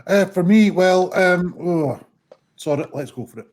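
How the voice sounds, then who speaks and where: A man's voice: high voice, a little slow, darkish tone. A man on a comedy panel, fumbling hesitantly into his jokes. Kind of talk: casual joke telling.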